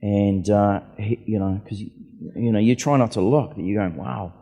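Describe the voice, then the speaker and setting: Chatty New man, warm low voice. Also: moderate pace. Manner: chatty, acts out quoted voices. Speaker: author and aviator, festival guest. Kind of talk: casual storytelling on stage. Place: festival venue hall. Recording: reverberant hall.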